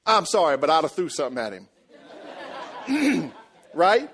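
A man preaching a sermon, telling the story in a lively, joking way and acting out the people in it. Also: on the high side, moderate pace. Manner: animated, jokey storytelling, acts out voices. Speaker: pastor.

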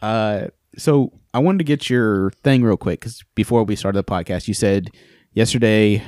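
A man's voice: lowish voice, normal speed, darkish tone, no echo, clean studio sound. A man co-hosting a podcast in casual chat, joking and laughing often. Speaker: podcast co-host.

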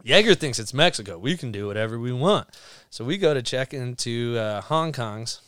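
A man's voice: mid-range voice, animated, moderate pace, fairly bright tone, clear, resonant tone, dry recording, studio quality. Swearing young man telling wild stories. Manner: rambling, heavy swearing, laughs through his stories. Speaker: podcast guest. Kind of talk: casual storytelling.

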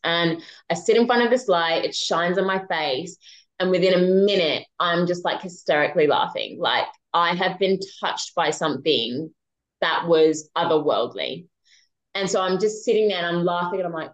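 Woman, podcast guest, casual storytelling, animated, low-pitched. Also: normal speed, poor audio. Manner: animated, chatty, with casual swearing and fillers.

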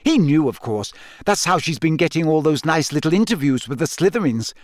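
Audiobook: eager, clever teenage witch girl, read by a man, lifted higher, quick and sure of herself, dry booth. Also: big pitch swings, no room sound. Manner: eager, brisk and know-it-all. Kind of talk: audiobook character voice.

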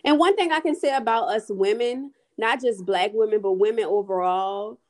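A woman speaking in a relaxed podcast conversation at a middle pitch. She talks with emphasis, repeats phrases to drive her point home, and draws out some words. Her tone is down to earth and conversational. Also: moderate pace. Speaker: beauty brand owner, guest.

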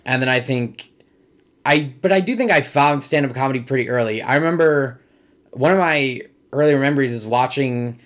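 A young man from Michigan chats on a comedy podcast, rambling loosely from one story to the next with "like" all through. His voice sits at an ordinary middle pitch, neither high nor low. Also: normal speed. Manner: loose, rambling, says "like" often. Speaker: guest comedian. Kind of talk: casual podcast chat.

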